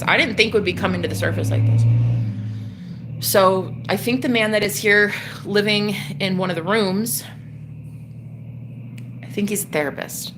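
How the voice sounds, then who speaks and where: A young woman hosting a livestream, telling a rambling story in a casual, animated way, swearing and swinging between loud outbursts and hushed murmurs. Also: medium pitch, background noise. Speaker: livestream host.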